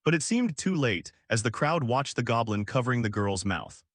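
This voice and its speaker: Lively male story narrator. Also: medium pitch, normal speed, no room sound. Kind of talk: scripted story recap narration.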